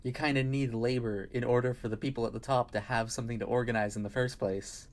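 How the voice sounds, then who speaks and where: A man's voice: medium pitch, steady tone, fast. A man giving sarcastic commentary, rambling into dry asides and mock-casual answers. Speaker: video essay critic.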